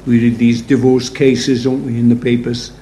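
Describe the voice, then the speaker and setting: A man's voice: mid-range voice, flat delivery, normal speed, warm tone. Guy preaching, chatty storytelling sermon, echoey room w faint noise behind. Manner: conversational, storytelling preaching with rhetorical asides. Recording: roomy echo, faint background noise.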